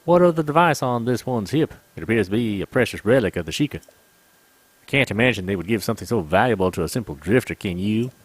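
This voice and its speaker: A man's voice: lowish voice, expressive, a little fast, no room sound. A man voicing a young female desert chief in a game, speaking in a formal, commanding way. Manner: formal, imperious.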